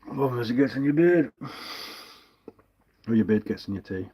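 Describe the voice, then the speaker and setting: A man chats casually on his live stream while carving, rambling in a relaxed way and mocking himself. His mid-range voice has a breathy edge and moves at normal speed, picked up by a headset mic.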